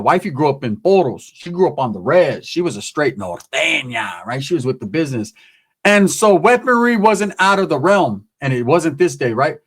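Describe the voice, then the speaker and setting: Male storyteller host with a high voice, casual slang, animated, acts out the people in his story. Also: slightly rough.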